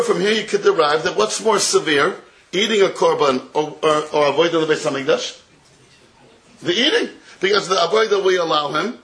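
A man, his voice sitting fairly high for a man, lectures on Talmud to a room of listeners. He keeps chuckling as he argues and slows right down to lay out each quoted phrase. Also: a bit bright, poor audio. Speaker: Torah teacher. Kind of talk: Talmudic lecture to a live audience.

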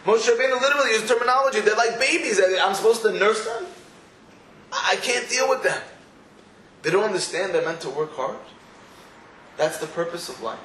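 Brief: high-voiced man teaching a Torah class, lively storytelling, echoey room with faint noise. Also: brisk, pauses often. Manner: animated storytelling with quoted voices. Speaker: rabbi.

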